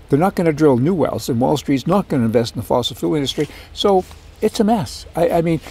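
A man's voice: fairly high pitch, darkish tone, breathy edge. A man hosting a political commentary monologue, ranting with sarcastic asides. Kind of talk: opinionated monologue.

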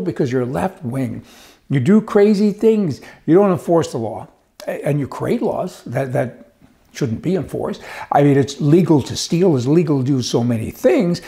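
A middle-aged man delivers a casual political commentary monologue in a folksy, joking way. His voice sits a little high and sounds mellow and relaxed. He slips into mock voices with plenty of sarcasm. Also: normal speed, creaky. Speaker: commentary host.

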